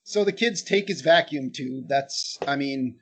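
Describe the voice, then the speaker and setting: A man co-hosting a movie podcast, casually recapping scenes and acting out characters in quick high voices. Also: animated, a bit bright, a little hiss or hum. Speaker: podcast co-host. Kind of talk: casual movie-review banter.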